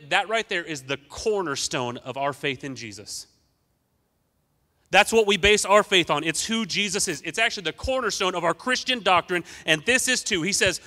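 A man preaching an energetic sermon as pastor, emphatic and urging the congregation to respond. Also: high-pitched, moderate pace, long reverb tail.

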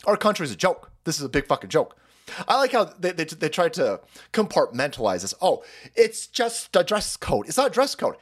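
Brief: male stream host, high voice with wild pitch swings, profane mocking political rant. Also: very animated, a little fast. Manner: loud, profane, mocking, swings between shouts and mutters. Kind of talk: ranting live-stream commentary.

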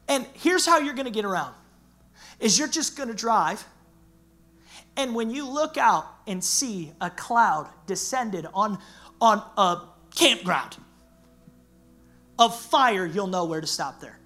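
A man preaching a sermon as pastor, animated and conversational, with slang and acted-out quotes. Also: high-pitched, measured pace.

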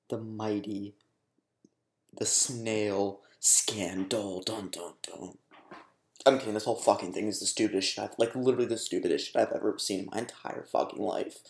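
A man's voice: medium pitch, a little mellow, reverberant. A young man delivering a casual commentary rant, exasperated and sarcastic, swearing freely. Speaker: commentary YouTuber.

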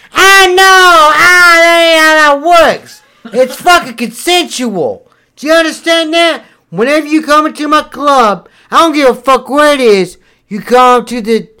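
A man doing a high, furious profane preacher. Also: clean tone, full character voice. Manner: shouting, profane, threatening. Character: foul-mouthed hot-tempered preacher who runs a strip club. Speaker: comedy podcast guest. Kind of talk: improvised character comedy.

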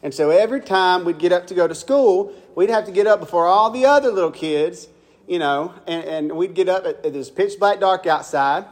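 A young man from Mississippi preaches with a Southern accent, his voice sitting high for a man. He tells homespun stories and keeps turning to the congregation with questions. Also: moderate pace. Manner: folksy, asks the congregation questions. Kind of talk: folksy storytelling sermon.

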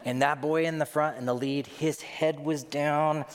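A man's voice: a little high, fairly even intonation, unhurried, smooth. A middle-aged man preaching a sermon as a pastor, telling stories with self-deprecating humor. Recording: long hall reverb.

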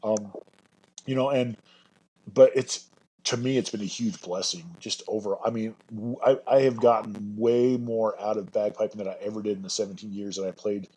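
Male podcast guest, bagpiper; husky, breathy tone; enthusiastic, meandering delivery. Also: fairly low pitch, fairly even intonation, normal speed, mellow, poor audio. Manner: earnest, rambling, enthusiastic. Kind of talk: casual podcast chat.

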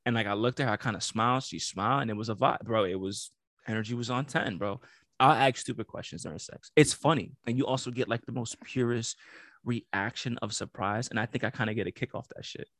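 A man's voice: mid-range voice, fairly quick, fairly bright tone, dry recording, studio quality. A man co-hosting a podcast, telling loose, profane stories in casual chat and often breaking into laughter. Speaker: podcast co-host.

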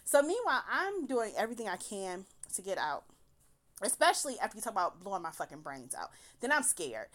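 A woman's voice: medium pitch, very animated, brisk, fairly bright tone. A woman casually telling a personal story, swearing freely and laughing through her words.

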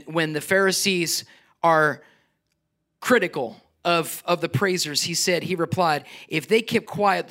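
A middle-aged man preaching a sermon as pastor, animated, climbing to near-shouts and then dropping to soft, quiet asides. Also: a little high.

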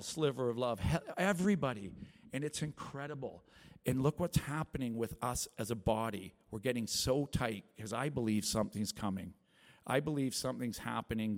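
Earnest gravelly man preaching in a church hall. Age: 40s. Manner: rambling, earnest, with many restarts and acted quotes that rise high. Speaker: lay preacher sharing testimony. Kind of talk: testimony sermon to a congregation. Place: small church.

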